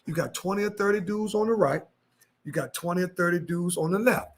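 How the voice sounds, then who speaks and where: High gravelly DC man telling stories. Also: a little fast. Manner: animated street slang, acts out quoted voices. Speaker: podcast storyteller. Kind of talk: casual storytelling chat.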